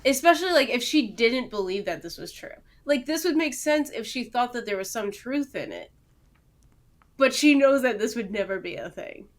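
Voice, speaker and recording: A woman co-host in a relaxed podcast chat, her voice pitched a little high. She talks through her reactions aloud in a chatty, laughing way. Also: normal speed. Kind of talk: casual recap chat.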